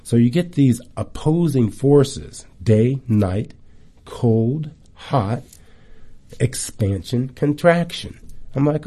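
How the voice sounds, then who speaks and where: A middle-aged man giving a casual wellness talk, chatty and animated, telling stories with lively asides. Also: medium pitch, takes it slowly.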